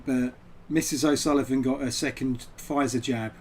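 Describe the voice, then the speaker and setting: A man at his home computer chatting loosely to a live-stream audience, mid-pitched and conversational. He wanders from topic to topic in an easygoing, rambling way, speaking into a desk microphone. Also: fairly even intonation, normal speed, a little hiss or hum. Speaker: poet and game streamer. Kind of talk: casual live-stream chat over gameplay.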